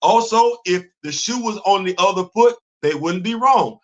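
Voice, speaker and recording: A middle-aged man hosting a livestream, his voice sitting a little higher than most men's. He talks with fervent, preachy conviction in loose, colloquial speech. He keeps turning to answer viewers in the chat. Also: expressive, normal speed, muffled recording. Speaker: livestream host. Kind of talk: impassioned livestream commentary.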